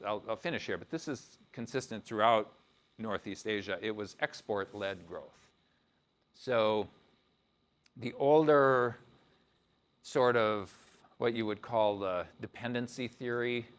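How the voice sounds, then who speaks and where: A man's voice: fairly low pitch, fairly bright tone. A man giving an informal university lecture as a guest lecturer, talking loosely with frequent asides and restarts. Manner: conversational, loose, with frequent "you know" and restarts.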